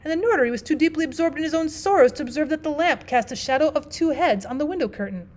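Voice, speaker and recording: A woman teacher narrating a classic story aloud, expressive and lively, dropping in casual asides. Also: high-pitched, fast talker. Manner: expressive, with frequent "well" asides.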